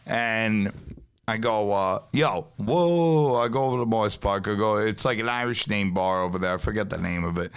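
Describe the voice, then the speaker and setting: A man with a New York accent telling a long story on a podcast in a casual, profane, animated way. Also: fairly low pitch, a little fast, smooth. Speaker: pizzeria owner, podcast guest. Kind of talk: casual chat.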